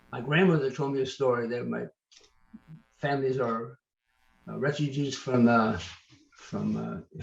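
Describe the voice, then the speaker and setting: An older man, an author, telling lively anecdotes as an interview guest, often restarting his sentences. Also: medium pitch, creaky, echoey room, highs cut off. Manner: animated, anecdotal, trails off and restarts. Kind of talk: storytelling interview answers.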